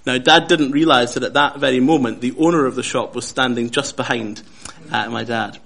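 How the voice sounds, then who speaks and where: A man preaching a Bible study, measured and lively, who often repeats his key phrases for emphasis. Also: mid-range voice, vocal fry. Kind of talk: sermon.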